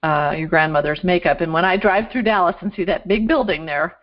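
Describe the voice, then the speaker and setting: A woman's voice: fairly low pitch, fairly quick, lo-fi sound. A woman hosting an interview show, earnest and encouraging as she thanks her guest. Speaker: show host. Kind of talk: casual interview talk.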